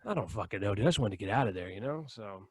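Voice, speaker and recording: A young man on a podcast telling a story in casual chat, animated and profane, often checking in with "right?" and "okay?". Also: fairly low pitch, very fast, husky, no room sound. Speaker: podcast co-host.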